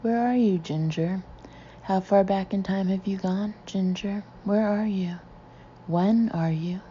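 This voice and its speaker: A woman's voice: medium pitch, measured pace, mellow, a little hiss or hum, close to an everyday voice. A woman reading the part of an anxious male hypnotist, shifting between soothing and stern, in a dull lo-fi recording. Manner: soothing then stern and demanding.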